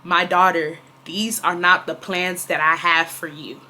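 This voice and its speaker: A woman voicing God as a calm, gentle male voice, slow and solemn. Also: fairly low pitch, voice pushed down.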